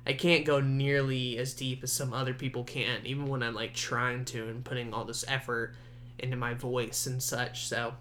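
A young man hosting his own podcast, chatting casually and rambling, often laughing, his voice jumping high at times. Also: little pitch movement, normal speed, fairly bright tone, a little hiss or hum. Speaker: podcast host. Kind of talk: casual solo podcast chat.

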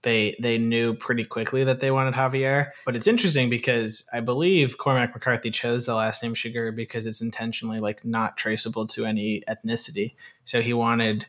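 Man, mid pitch, casual film chat, rambling, hedging fillers. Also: little pitch movement, a little fast, hardly any pauses, a bit bright. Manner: rambling, hedging with "you know" and "like".

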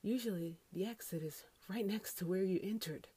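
A woman's voice: medium pitch, normal speed, mellow, slightly rough. A woman who works as a grocery cashier, ranting casually about customers from inside a closet, exasperated and incredulous and swearing freely.

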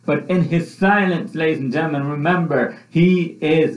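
A man's voice: on the high side, moderate pace, few pauses. A man preaching a sermon with passion, repeating his phrases as his voice rises and falls. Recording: echoey room, dull lo-fi sound.

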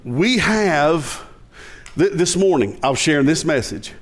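A man with a Southern American accent preaches from the pulpit in a somewhat high voice. He keeps it conversational and joking, then climbs into loud, emphatic declarations. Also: lively intonation, measured pace. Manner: conversational preaching with jokes and rising emphatic passages. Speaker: pastor. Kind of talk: sermon.

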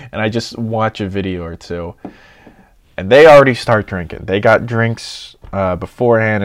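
Young man telling a rowdy story. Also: fairly low pitch. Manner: excitable, swears a lot, acts out friends' lines. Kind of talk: casual storytelling.

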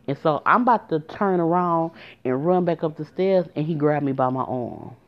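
A woman tells a personal story in a casual, emotional way and speaks straight to her listeners. Her voice sits low. The recording sounds muffled and lo-fi. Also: moderate pace. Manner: emotional, addresses listeners directly.

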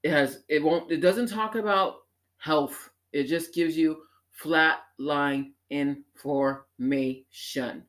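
A woman hosting a show, talking in an animated, emphatic personal monologue that swings up into exclamations. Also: sits low, takes it slowly. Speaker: podcast host.

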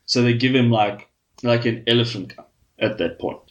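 A man's voice: mid-range voice, fairly even intonation, fairly quick, dull audio. Crude rambling man telling a joke. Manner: crude, swears freely, rambling with fillers like "flippin'" and "right?". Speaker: podcast host.

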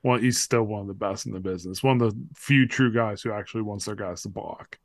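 A man's voice: on the low side, brisk, dry recording, clean studio sound. A man, a former football player, telling stories as a podcast guest in a loose, rambling way full of fillers and restarts. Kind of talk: casual storytelling chat.

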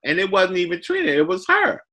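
Brief: expressive man with a bright, lively voice, casual storyteller. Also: fast talker. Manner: expressive, acts out quotes with big pitch swings.

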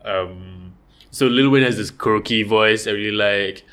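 A young man, co-hosting a casual podcast chat about rap, rambling and relaxed with lots of fillers. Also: on the low side, measured pace. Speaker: podcast co-host.

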